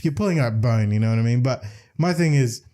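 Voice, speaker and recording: A man co-hosting a laid-back podcast. He talks in a relaxed, explanatory way with plenty of fillers. His voice is dark and mellow, pitched in the middle. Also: brisk. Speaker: podcast co-host. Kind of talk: casual chat.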